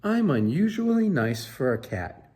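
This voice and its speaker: A man's voice: a little high, very animated, a little slow, dark tone. A man voicing a blunt cat in a children's picture book, dry and pointed. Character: blunt cat, proud of being nice.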